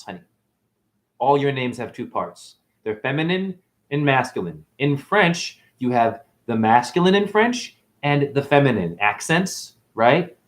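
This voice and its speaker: A man giving a preachy, boastful spiritual monologue to camera, breaking into sudden loud outbursts. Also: medium pitch. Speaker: self-styled spiritual teacher.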